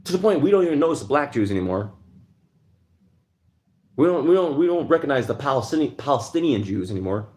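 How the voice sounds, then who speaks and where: A man's voice: mid-range voice, sing-song, fast, pauses often, darkish tone. A man hosting a livestream, ranting heatedly in a casual monologue and answering chat. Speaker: livestream host.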